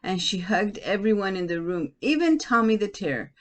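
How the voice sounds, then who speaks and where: A woman's voice: medium pitch, lively intonation, moderate pace, hardly any pauses. A woman teacher reading a picture book aloud to children. She stops often to ask her listeners questions.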